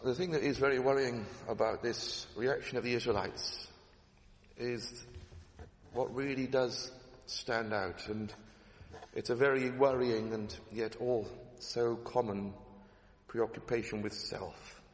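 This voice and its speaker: Emphatic preacher in echoey hall. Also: male voice, mid-range voice, fairly even intonation, unhurried. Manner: emphatic, repeats key phrases, rhetorical questions. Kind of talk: sermon. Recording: echoey hall with long reverb.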